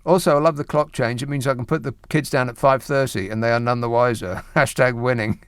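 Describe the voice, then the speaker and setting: A man's voice: mid-range voice, measured pace, long pauses, no room sound. A man from Scotland hosting a late-night radio phone-in, talking in a dry, wry, self-mocking way from a studio. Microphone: studio microphone.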